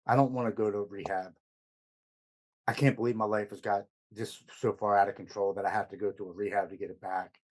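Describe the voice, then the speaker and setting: Man, guest on a podcast, earnest personal storytelling, fairly low voice, halting repeats. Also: steady tone, poor audio.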